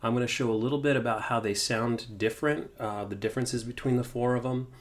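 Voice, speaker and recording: A man's voice: medium pitch, fast talker. A man hosting a guitar amp tutorial, talking casually with lots of "uh"s and restarts. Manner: relaxed, many fillers and restarts. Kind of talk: casual gear demonstration.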